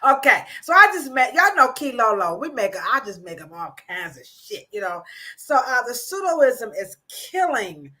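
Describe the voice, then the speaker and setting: A woman hosting a casual livestream chat, animated and playful, laughing often. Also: a little high, moderate pace. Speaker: host.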